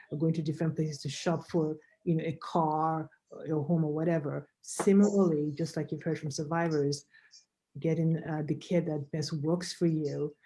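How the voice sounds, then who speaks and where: A woman with a low, mellow voice speaks as a doctor on a video-call panel. She explains things patiently, pausing on fillers and restarting her sentences as she goes. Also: low-quality recording. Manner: measured, explanatory, with frequent fillers. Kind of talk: panel discussion answer.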